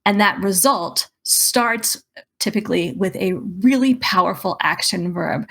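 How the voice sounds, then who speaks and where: A woman's voice: medium pitch, creaky. A woman career coach giving emphatic, persuasive advice in a podcast interview. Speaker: career coach and resume writer.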